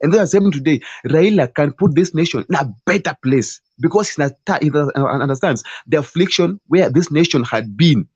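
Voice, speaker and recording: A Kenyan man argues with fervor, stumbling over repeated words as he presses his point. His voice sits a little high and sounds husky. The call audio is dull and lo-fi, and it sounds dry. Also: animated, brisk, few pauses, darkish tone, no room sound. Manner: passionate, repeats and restarts words often. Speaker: debate participant. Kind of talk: political debate speech.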